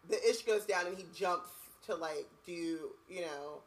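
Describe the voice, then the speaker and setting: A woman's voice: fairly low pitch, a little slow, poor audio. A woman co-hosting a podcast, chatting casually and reading a book aloud, with lots of "like" and "you know what I mean". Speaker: podcast co-host.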